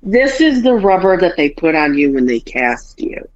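A woman's voice: on the low side, moderate pace. Bawdy storytelling woman, dull lo-fi sound. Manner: animated, bawdy storyteller acting out dialogue. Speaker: podcast host. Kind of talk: casual podcast chat. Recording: dull lo-fi podcast audio.

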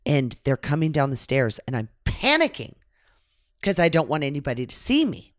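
A woman guest casually telling a travel story in a dramatic, animated way, swearing freely. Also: deep voice, moderate pace, dry recording, clean studio sound. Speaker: podcast guest.

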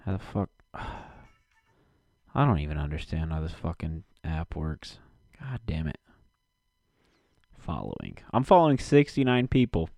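Low-pitched guy muttering n swearing in his basement, bouncy pitch, dry close sound. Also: sing-song, a little slow, vocal fry, long pauses, warm tone, no echo. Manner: profane, muttering to himself. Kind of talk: casual rambling commentary.

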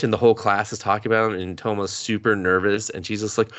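A man's voice: on the low side, fairly quick, hardly any pauses, fairly bright tone, dry recording. A man hosting a podcast, casually recapping an anime, swearing freely and laughing as he retells scenes. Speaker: podcast host.

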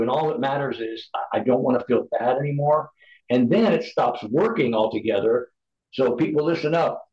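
A man's voice: medium pitch, a little mellow. A middle-aged man, a podcast guest, giving candid personal testimony in an earnest, emphatic, preacher-like way. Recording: roomy, dull lo-fi sound.

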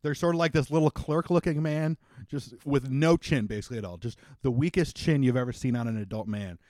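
A man's voice: mid-range voice, fairly quick, a little mellow, no room sound, studio quality. A man running a tabletop game as game master, describing scenes in a loose, rambling way with restarts.

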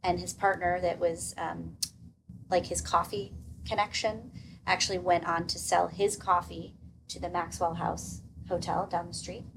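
A woman's voice: fairly low pitch, little pitch movement, a little slow, vocal fry, background noise. A woman in her thirties chatting casually as a podcast guest, with a loose, filler-heavy way of talking.

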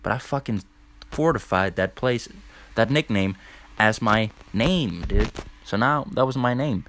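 A man's voice: on the low side, animated, measured pace, a bit bright, slight background noise. A young man hosting a podcast, telling a loose, profane story in casual talk, full of "dude" and "like". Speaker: podcast host.

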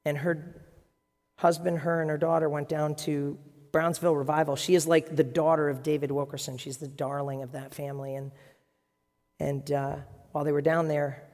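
A pastor preaching a sermon in a dramatic, conversational storytelling way, dropping to a hush and rising again. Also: mid-range voice, level tone, moderate pace. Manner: dramatic, acts out voices in quotes, swings from hushed to loud. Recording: long reverb of a large hall.

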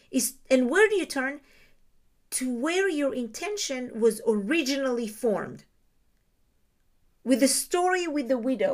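A woman giving a reflective teaching talk on Jewish ideas, explaining terms and asking her listeners rhetorical questions. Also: sits high.

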